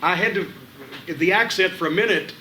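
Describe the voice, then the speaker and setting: A man's voice: sits high, normal speed, bright, forceful tone, slight background noise. A middle-aged man coaching wrestlers in a gym, blunt and profane, mixing advice with wry stories. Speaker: wrestling trainer giving a seminar.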